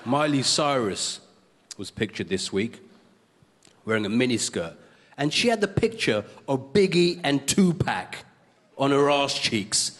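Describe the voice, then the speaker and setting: A male stand-up comedian, hosting a comedy show with quick, cheeky punchlines before a live audience. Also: medium pitch, expressive, slight background noise. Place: studio comedy stage with audience. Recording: live stage with loud crowd.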